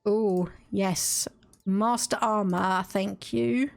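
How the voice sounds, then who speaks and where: A woman's voice: mid-range voice, steady tone, very slow, creaky, a little mellow. A woman with an Estuary English accent from England, chatting casually and laughing as she streams a strategy game and reads game text aloud. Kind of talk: casual live-stream gameplay commentary.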